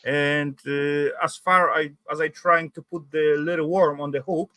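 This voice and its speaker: A man speaking halting with lots of fillers, telling a fishing anecdote and laughing at himself. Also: on the high side, steady tone, pushed and bright, dry recording. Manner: halting non-native English with many fillers, laughs at himself. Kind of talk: casual chat on a live stream.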